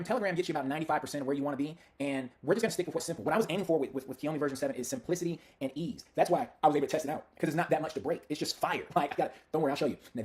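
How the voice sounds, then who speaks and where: A man casually walking viewers through a demo of software he built, chatty and hyped, talking straight to his audience. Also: a little high. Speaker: software creator demoing his own tool. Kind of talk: casual screen-share product demo.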